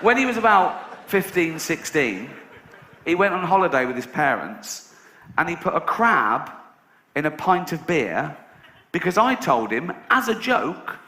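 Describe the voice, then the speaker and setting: Sardonic, swearing comedian on stage. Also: male voice, on the high side, big pitch swings, measured pace, pushed and bright, a little hiss or hum. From England. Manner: sardonic, swearing, acts out characters. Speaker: stand-up comedian. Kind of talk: stand-up comedy routine. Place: large theatre with a live audience. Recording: echoey live theatre with audience laughter.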